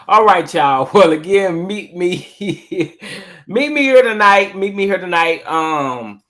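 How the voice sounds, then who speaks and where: With a slow pace and a voice that sits high, this livestream show host addresses his chat directly. His casual talk is animated, and he repeats himself often.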